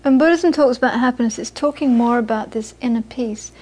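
Middle-aged woman, a Buddhist teacher with a high voice, chatty storytelling talk full of restarts. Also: fairly quick, a little mellow. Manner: chatty storyteller, many restarts and repeated words. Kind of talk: informal dharma talk with anecdotes.

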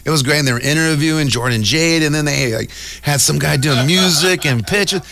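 A man's voice: on the high side, fairly quick, creaky, dry recording. A man voicing a giddy young woman, the girlfriend of a sugar daddy, who gushes as she talks. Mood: chatty. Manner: gushing, breathless excitement.

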